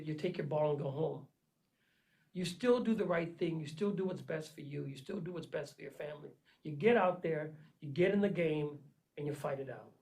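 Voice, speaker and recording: An earnest man preaches a motivational pep talk, repeating himself and calling his listeners "man." His delivery swings from loud, pushy urging to low, intense murmurs. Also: vocal fry, rough recording. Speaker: vlogger giving life advice. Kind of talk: motivational monologue.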